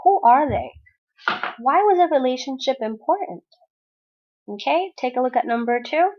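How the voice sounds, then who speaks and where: High-voiced woman teacher explaining a lesson. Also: lively intonation, moderate pace, lo-fi sound. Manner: clear, patient explaining to students. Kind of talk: recorded online lesson.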